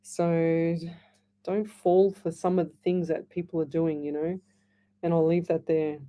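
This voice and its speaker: A woman with an Australian accent hosting a live psychic call-in radio show, chatty and quick to laugh. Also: low-pitched, flat delivery, dark tone. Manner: chatty, laughs easily, reads messages aloud. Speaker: psychic medium radio host. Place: radio studio.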